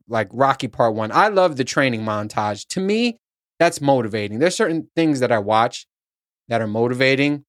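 Middle-aged male podcast host, rambling and profane, mid-pitched voice, dry room. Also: no echo. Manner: rambling, profane, self-mocking. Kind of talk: casual solo podcast chat. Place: at his workplace on lunch break.

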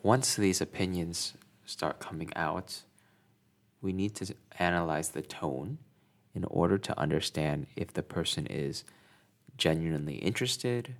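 A man giving a scripted lesson in a measured, deliberate way. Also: sits low. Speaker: instructor.

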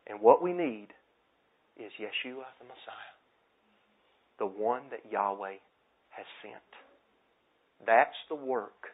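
A man preaching a sermon with passion, repeating his points and swinging from loud declarations to hushed asides. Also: fairly low pitch. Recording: tinny phone-like sound.

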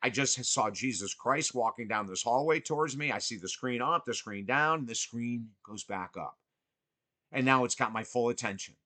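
A man hosting a podcast, telling a personal story earnestly and emphatically, swinging between excited and hushed. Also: mid-range voice, no room sound. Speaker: podcast host.

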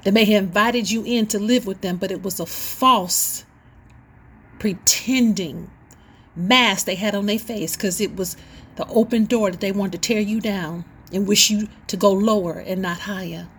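A woman's voice: mid-range voice, steady tone, moderate pace, slight background noise. A middle-aged woman hosting her own show, preaching an impassioned, sermon-style testimony with rising and falling emphasis. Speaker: host and inspirational speaker.

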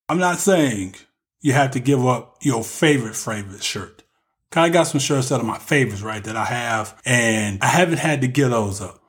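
A man giving casual relationship advice in a joking monologue, talking straight to the men listening. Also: medium pitch.

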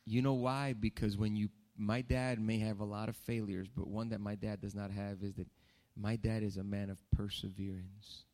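A male pastor telling a personal story in a sermon, animated, with repeated phrases for emphasis. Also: on the low side, moderate pace.

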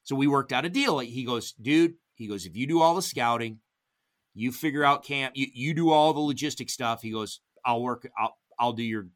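A middle-aged man telling hunting stories as a podcast guest, casual and animated, acting out quoted dialogue with big jumps in pitch. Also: normal speed. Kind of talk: casual storytelling.

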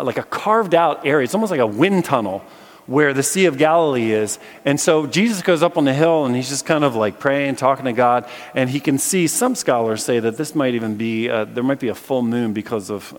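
Preacher, male, chatty Bible storyteller with playful asides, mid-pitched, long reverb of a big hall. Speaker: preacher and philosophy teacher. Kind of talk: conversational sermon with Bible reading.

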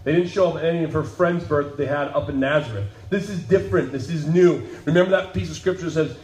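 A man preaching a sermon to a congregation, telling the story with jokes and acted-out voices before turning low and solemn. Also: a little fast, hardly any pauses, roomy sound, low-quality recording. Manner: animated, joking storytelling that drops to a low, solemn tone. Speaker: pastor. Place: church sanctuary.

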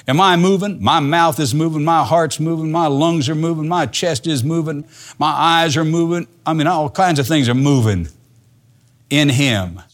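An older man delivers a sermon in a plain, folksy manner, his voice sitting in an ordinary middle pitch. He moves between quiet, almost muttered asides and raised, emphatic lines. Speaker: preacher.

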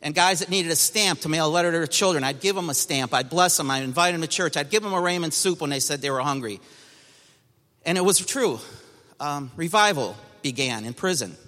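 A man's voice: on the high side, expressive, fairly quick, sharp tone, in a large hall. A man giving an emphatic personal testimony to a church congregation, telling his story with energy.

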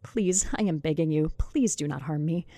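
A woman's voice: low voice, normal speed, dark tone, no room sound, clean studio sound. A woman voicing a nervous, fussing young husband who stammers and tries to placate. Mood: pleading.

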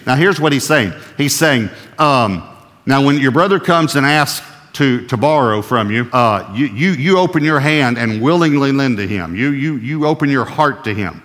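A male pastor preaching a sermon with emphasis, who slows right down to read scripture and keeps checking with his audience. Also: mid-range voice, a bit bright, long reverb tail.

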